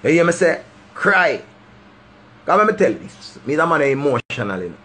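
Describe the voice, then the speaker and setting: Husky Jamaican man preaching advice. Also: a little high, very animated, moderate pace, bright, forceful tone. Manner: preachy, emphatic, repeats his points. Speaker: vlogger giving life advice. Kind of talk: impassioned monologue to camera.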